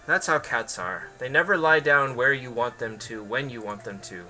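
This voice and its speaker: A man's voice: medium pitch, animated, moderate pace, pushed and bright. A man streaming a game and answering viewers in casual, hesitant chat full of fillers, with faint music behind.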